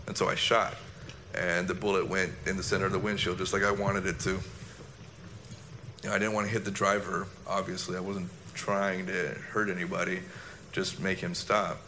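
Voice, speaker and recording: A man, a former soldier recounting an incident in a halting, reflective personal monologue. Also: low-pitched, level tone, pushed and bright, slight background noise.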